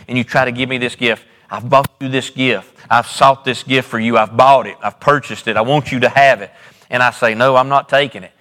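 Pastor guy preaching, repeats himself a lot, goes loud then quiet, big echoey church. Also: mid-range voice. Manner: preacherly, repetitive, rises and drops dramatically. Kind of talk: sermon. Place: church sanctuary.

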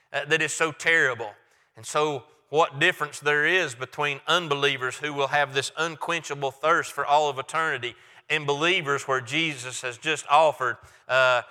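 A man's voice: fairly high pitch, bright, forceful tone, long reverb tail. A male pastor giving a sermon and reading scripture aloud, talking in a conversational way with frequent restarts. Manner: conversational with many restarts and fillers.

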